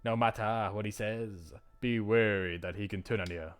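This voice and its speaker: A man voicing a secretive, possessive mother who cautions her daughter in a low, controlling manner. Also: steady tone, normal speed, clean tone, soft background music, lightly acted.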